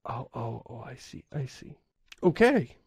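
A man's voice: mid-range voice, very animated, unhurried, darkish tone, husky, no room sound. A man co-hosting a podcast in casual chat, rambling and correcting himself as he goes, often chuckling. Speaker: podcast co-host.

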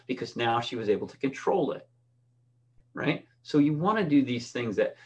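A middle-aged man coaching swimmers in an informal lesson. He talks conversationally in a voice of middling pitch, weaving in stories, stumbling into restarts and tagging points with "right?". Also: fairly bright tone. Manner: conversational, restarts often and keeps asking "right?". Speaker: swim coach. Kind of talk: instructional talk with personal stories.

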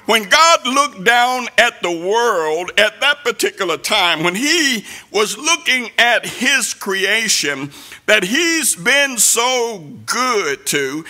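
A man preaching a sermon in a sing-song cadence that rises to shouts. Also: high-pitched.

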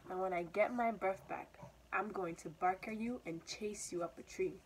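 A woman voicing a small, quick-witted mouse who bluffs that he is a dog, in a storybook read-aloud. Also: mid-range voice, slight background noise, natural voice, poor audio. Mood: bluffing.

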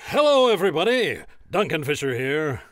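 A man playing a gruff, profane, hard-drinking male arena announcer who blusters through a commercial recording in a comedy sketch. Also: a little high, very animated, normal speed, no room sound, clean studio sound. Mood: announcing.

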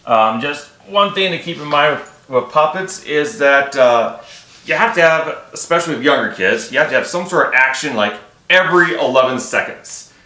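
A man's voice: on the high side, animated, normal speed, bright, forceful tone. A man guesting on an interview, chatting about puppetry in a playful, joking way. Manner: playful, jokey storytelling. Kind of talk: casual interview. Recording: echoey room.

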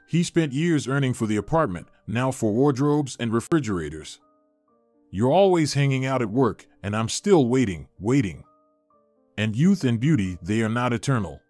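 A man's voice: mid-range voice, darkish tone, no echo, natural voice. A man voicing a cold, self-serving young woman who speaks harshly and bluntly to her fiancé.

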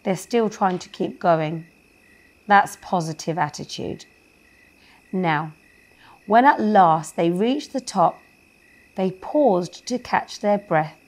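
Woman reading a kids bedtime story real slow, gentle, keeps asking the little ones questions. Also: on the low side, lively intonation.

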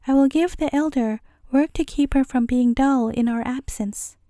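Bossy wicked witch in a bedtime tale, voiced by a woman narrator; high, dry, drawn-out commands. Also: mellow, dry recording, lightly acted. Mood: scheming. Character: wicked shape-shifting witch, scheming and commanding.

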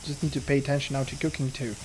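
A man's voice: mid-range voice, flat delivery, rapid-fire, darkish tone, slight background noise. Chatty nervous man narrating his gameplay. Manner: chatty, nervous laughs, thinks aloud. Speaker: gameplay commentator. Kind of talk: casual gameplay commentary.

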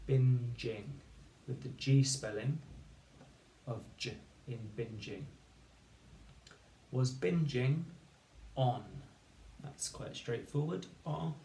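A man's voice: medium pitch, expressive, slow pace, gravelly, warm tone, a little hiss or hum. A man teaching a phonics lesson, patiently dictating a sentence and spelling words out letter by letter. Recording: echoey room, voice from far off.

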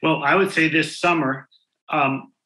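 A man telling school anecdotes in an interview, acting out the people he quotes with lively shifts in his voice. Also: a little high, measured pace, reverberant, rough recording. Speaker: guest speaker on school culture. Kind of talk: storytelling interview answers.

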